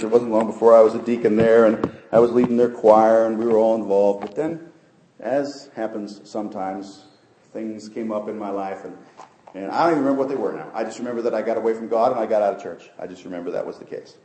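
A middle-aged male pastor preaching a sermon and sharing personal testimony, swinging from soft, low asides to loud, high peaks. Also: a little hiss or hum. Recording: roomy church sound.

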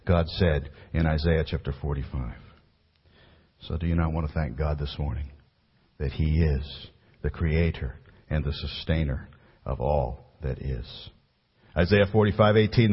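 Pastor preaching in a reverberant hall. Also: male voice, normal speed, husky. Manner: rising to emphatic peaks, then dropping low and quiet. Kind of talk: sermon. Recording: muffled recording with long hall reverb.

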